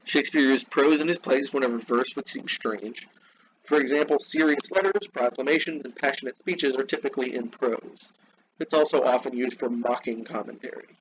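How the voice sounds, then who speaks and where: A man teaching a literature class, reading from a text and breaking off into slow, repeated explanations and asides to his students. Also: medium pitch, dull audio, slight background noise. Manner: slows down to spell out terms, asides to students.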